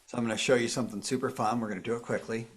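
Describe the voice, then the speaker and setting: A man's voice: mid-range voice, fairly even intonation, very fast. A man presenting a live phone tutorial, walking viewers through each step in an upbeat, explanatory way. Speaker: tech presenter.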